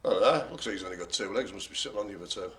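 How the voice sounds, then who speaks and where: A man's voice: fairly low pitch, very fast, a bit bright. A man hosting a live bingo game, joking and rambling in playful banter. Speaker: host.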